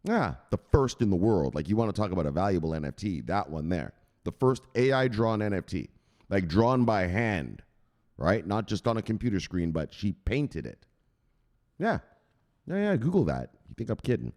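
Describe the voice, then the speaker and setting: Man, low voice, lively swinging pitch, casual crypto news commentary, chatty asides. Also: moderate pace. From United States. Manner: chatty, digressive, asks viewers to google things.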